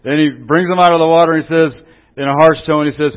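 A man's voice: a little high, fairly even intonation, fast talker. A man preaching a sermon in a folksy, joking way, often asking "Amen?" as he teaches. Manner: jokey, chuckles at his own stories. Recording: tinny phone-like recording.

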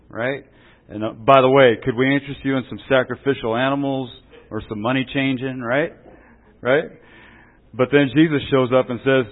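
A man's voice: medium pitch, steady tone, normal speed. A man preaching a sermon in a folksy, joking way, often asking "Amen?" as he teaches. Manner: jokey, chuckles at his own stories. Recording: tinny phone-like recording.

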